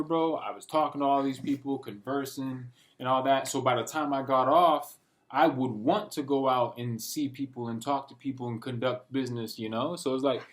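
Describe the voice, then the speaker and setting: A young man talking in a loose, rambling monologue. He keeps saying "bro" and acts out what he and others said. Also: medium pitch. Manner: rambling, says "bro" constantly, quotes himself and others in little voices. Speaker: vlogger. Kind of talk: casual monologue. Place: at home, dogs nearby.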